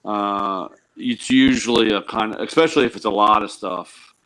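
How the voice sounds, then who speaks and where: A man's voice: on the low side, moderate pace, pushed and bright, poor audio. Wry man telling shop stories. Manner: wry, joking storyteller. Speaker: tool truck dealer, guest. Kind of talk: casual chat on a live show.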